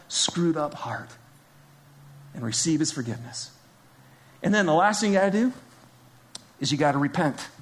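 Addressing the congregation directly and informally, this male pastor delivers a sermon in a high-pitched voice. He swings between quiet whispers and loud, pressing emphasis.

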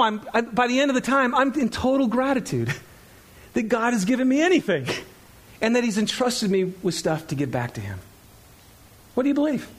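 A middle-aged man preaching a sermon in a church, conversational and animated, laughing often and acting out quotes. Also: sits high. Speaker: pastor. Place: church sanctuary.

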